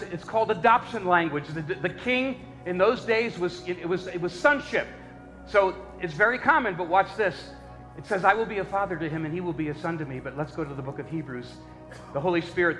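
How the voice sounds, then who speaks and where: A man preaching a sermon, swinging between loud emphatic peaks and low, intense asides, often repeating words and restarting phrases. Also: in a large hall, rough recording.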